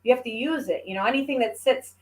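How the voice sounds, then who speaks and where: A woman's voice: on the high side, quick pace. A woman chatting casually as a guest, telling stories animatedly and acting out the voices of the people she quotes. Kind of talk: casual chat.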